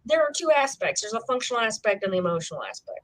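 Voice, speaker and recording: A woman's voice: on the high side, big pitch swings, fast, poor audio. A woman with a cough co-hosting a casual chat, rambling with lots of "like" and "you know". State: sick with a cough. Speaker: psychic co-host.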